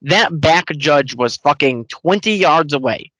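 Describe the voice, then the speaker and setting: A man's voice: a little high, expressive, a little slow, pushed and bright, no echo, rough recording. A man co-hosting a casual podcast, ranting in long, heated run-on complaints and cursing freely. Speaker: podcast co-host. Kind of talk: casual sports rant.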